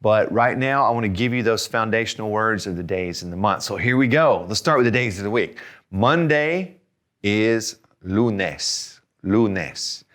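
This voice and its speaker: A man teaching a video language lesson as a Spanish teacher, encouraging, repeating each word slowly so learners can say it after him. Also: lowish voice, expressive, a bit bright.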